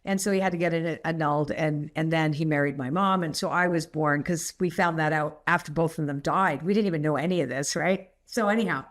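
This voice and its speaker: A middle-aged woman, a podcast guest, telling personal stories in a rambling, animated way and laughing often. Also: sits low, brisk, hardly any pauses. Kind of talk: candid storytelling interview.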